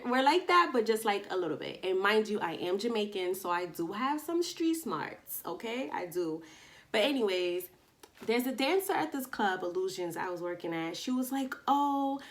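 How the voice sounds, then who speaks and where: Slangy New woman telling a story. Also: medium pitch. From Long Island, New York. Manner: animated, slangy storytelling with re-enacted dialogue. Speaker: vlogger. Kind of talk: casual storytime. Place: indoors at home, daytime.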